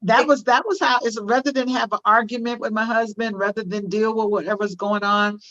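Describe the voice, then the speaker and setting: A woman's voice: on the high side, steady tone, brisk, fairly bright tone, dry recording, muffled recording. An older woman speaking as a parenting guest on a video call, impassioned, repeating phrases for emphasis. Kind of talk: conversational interview, teaching.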